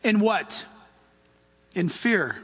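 A male pastor preaching with a high, bright voice. He gets animated and acts out the voices of the people in his stories. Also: drawn-out words, slightly rough. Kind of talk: sermon.

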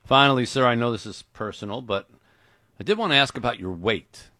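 A man hosting a comedy interview, asking brisk mock-serious questions. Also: mid-range voice, pushed and bright, no room sound, studio quality. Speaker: radio host.

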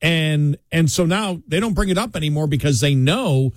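A man's voice: on the high side, lively intonation, normal speed, hardly any pauses, no echo. A middle-aged man co-hosting a talk radio show, rambling with many fillers and restarts. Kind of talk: casual talk radio banter. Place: radio studio.

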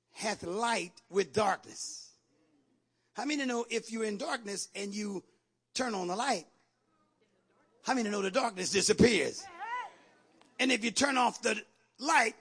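Male preacher, sermon, call-and-response, very high, husky, gravelly. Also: a bit bright. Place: church service.

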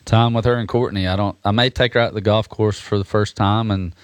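A man talking casually as a guest musician on a radio show, relaxed and rambling with restarts. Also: on the low side, fast, clear, resonant tone, no echo.

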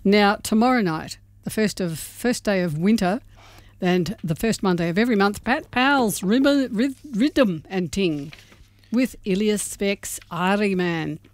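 A man's voice: high voice, unhurried, dry recording. A man from Melbourne hosting a community radio show, chatting casually and reading out a gig guide with small slips. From Melbourne, Australia.

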